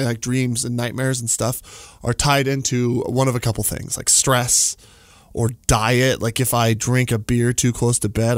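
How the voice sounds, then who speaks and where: A man's voice: medium pitch, no echo. A man in his forties telling a long story in a rambling, casual way, full of "like" and little chuckles, from a studio. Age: 40s.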